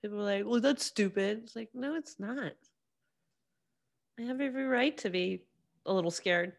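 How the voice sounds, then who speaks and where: एक युवा महिला होस्ट, जो अकेले बैठकर अपने पॉडकास्ट पर बिखरी-बिखरी बातें करती है, बार-बार वाक्य अधूरे छोड़कर फिर से शुरू करती है और खुद पर ही हँसती है।. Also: female voice, a little high, moderate pace, creaky. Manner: rambling, self-deprecating, many restarts. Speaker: podcast host. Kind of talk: casual solo monologue.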